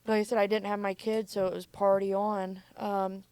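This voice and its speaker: A woman's voice: mid-range voice, level tone, brisk, darkish tone, smooth, no echo. A woman, a mother, recounting her past candidly in casual speech full of "like". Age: adult mother. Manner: casual, frequent filler "like". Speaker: podcast guest. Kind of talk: candid personal storytelling.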